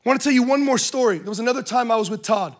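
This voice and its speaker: High-voiced man telling a funny sermon story. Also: very fast. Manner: lively, joking, conversational asides. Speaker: speaker at a church service. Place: in front of a live audience in a room.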